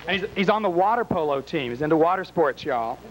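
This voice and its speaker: High-voiced, wisecracking male emcee. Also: expressive, fast talker, rough recording. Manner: teasing, wisecracking. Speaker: game show emcee. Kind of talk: campy live emceeing. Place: small bar with a live audience.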